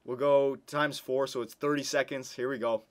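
Male gameplay commentator, emotional and reactive, begs his team on and yells at big moments, mid-pitched voice. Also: normal speed. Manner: emotional, pleading with the team, bursts into excited yelling. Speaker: video game commentator. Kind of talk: hockey game simulation commentary.

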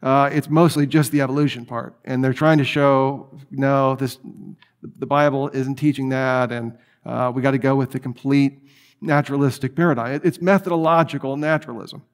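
A man giving a conversational, animated apologetics lecture with frequent restarts. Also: medium pitch, moderate pace.

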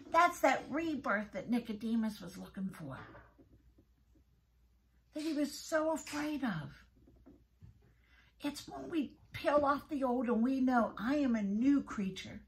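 High-pitched middle-aged woman, earnest devotional talk, heartfelt and repeating herself. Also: fairly bright tone, low-quality recording. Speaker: prayer podcast host.

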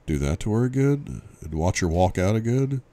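A man's voice: lowish voice, animated, normal speed, dark tone, pitched above the performer's own voice, natural voice. A man reading as a brooding, tormented young man. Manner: tense, clipped replies. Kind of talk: audiobook reading.

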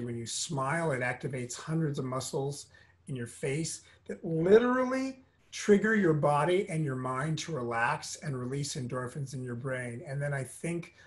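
An earnest, motivational middle-aged man speaking as an interview guest. His voice sits fairly high for a man, and he moves between emphatic bursts and soft, lowered stretches as he tells his story.

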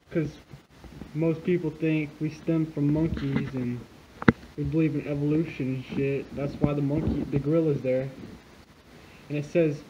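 A man talking over a video clip, profane and insistent as he explains a hidden message. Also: on the high side. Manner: profane, insistent conspiracy talk. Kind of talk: casual video commentary. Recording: dull lo-fi sound with clear noise.

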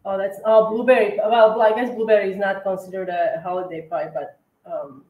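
A woman's voice: mid-range voice, fairly even intonation, normal speed, phone-quality sound. A woman hosting a decorating livestream, chatting casually with many fillers and self-corrections. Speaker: cookie decorating livestream host. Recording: echoey room.

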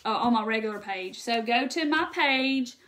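Brief: Southern woman craft-stream host, Mississippi drawl, a touch high, folksy and chatty. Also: animated, normal speed, a bit bright. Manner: chatty, folksy, laughs often. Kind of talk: casual live chat with viewers. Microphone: phone or webcam on a live stream.

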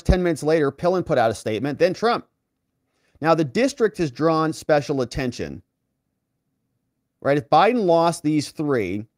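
A man's voice: on the high side, no echo, clean studio sound. A man hosting a political commentary show, talking emphatically and directly to his viewers. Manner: animated, emphatic, talks straight to viewers. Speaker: host.

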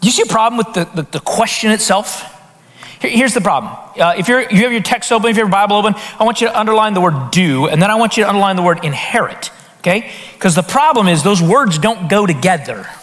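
A man preaching a conversational sermon as pastor, with lively rhetorical questions and frequent restarts. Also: high voice, quick pace. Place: church sanctuary. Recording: hall reverb in a church.

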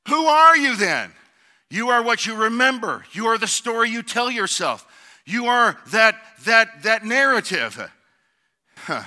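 Man, pastor, high bright voice, preaching, shouted emphasis, middle-aged. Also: expressive, measured pace. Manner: preaching with rising shouted emphasis and call-outs. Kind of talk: sermon.

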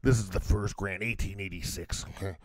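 A man's voice: sits low, fairly even intonation, brisk, no room sound, studio quality. A man co-hosting a whisky podcast in an over-the-top wrestling-promo impression, calling his partner brother and cracking up. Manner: breaks into laughter, drops to hushed asides. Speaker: podcast co-host.

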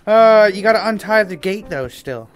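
Someone watching another person's video game run offers casual commentary over the game music, giggling, rambling and swearing playfully. The voice is medium-pitched and expressive, at a normal pace.

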